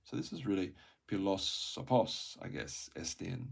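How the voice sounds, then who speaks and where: A man reading through a Greek textbook aloud, sounding out words slowly, repeating them and correcting himself, with quiet asides. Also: deep voice, sing-song, vocal fry, breathy edge. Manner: thinks aloud with soft asides.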